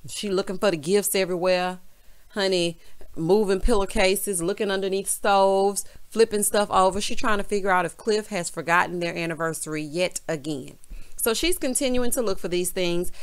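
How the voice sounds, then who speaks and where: A woman with a Southern US accent recapping a reality show in sassy, animated casual chat, dropping "honey" into nearly every line. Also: medium pitch, clear, resonant tone. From American South.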